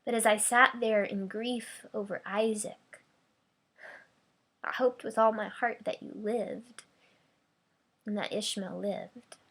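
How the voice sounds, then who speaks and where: A woman preacher giving a dramatic first-person monologue as a grieving, remorseful ancient mother, her delivery swinging between hushed whispers and cries. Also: mid-range voice, fairly even intonation, takes it slowly, long pauses.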